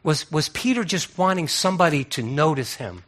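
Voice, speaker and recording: A man's voice: a little high, animated, moderate pace, a bit bright. A man preaching a sermon in a conversational way, asking many rhetorical questions and often restarting his words.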